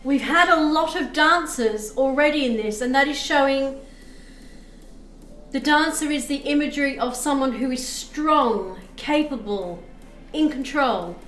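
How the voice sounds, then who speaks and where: High-pitched woman doing a live tarot stream, talks to chat, roomy echo with a little music. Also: unhurried, fairly bright tone. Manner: chatty, reads chat aloud, thanks viewers. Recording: echoey room with faint music.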